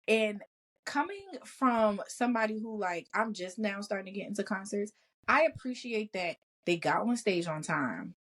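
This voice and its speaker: A woman's voice: medium pitch, normal speed. A woman co-hosting a casual chat podcast, telling stories with frequent laughs and free swearing. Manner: laughs often, swears freely, animated storytelling. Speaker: podcast co-host.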